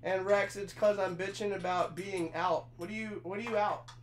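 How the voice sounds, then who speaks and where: A man's voice: high-pitched, fairly even intonation, moderate pace. A man in his twenties chatting casually with his live chat while he assembles a chair, swearing now and then, hot and sweaty from the work. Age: 20s. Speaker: streamer. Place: small room in his trailer. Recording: echoey room with faint hum.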